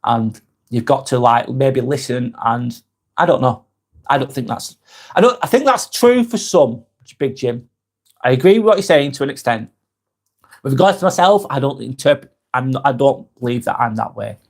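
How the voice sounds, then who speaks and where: A man's voice: mid-range voice, expressive, normal speed. A man hosting a live stream, reading viewer comments aloud and answering them in a frank, rambling way, swearing casually as he talks.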